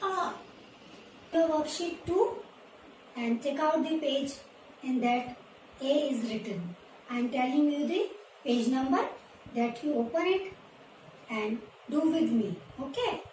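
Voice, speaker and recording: A woman with an Indian English accent teaching nursery children, repeating letters and words slowly and clearly so they can copy her. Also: sits high, lively intonation, a little mellow, recorded from a distance. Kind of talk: slow, patient classroom teaching to small children. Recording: roomy echo, voice from away from the mic, faint background noise.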